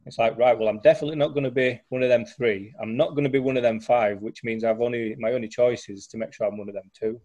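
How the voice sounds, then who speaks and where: A man's voice: medium pitch, steady tone, quick pace, few pauses, darkish tone. Chatty man telling a story. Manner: chatty storyteller, many fillers and restarts. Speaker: guest sharing recovery story. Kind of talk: casual conversation.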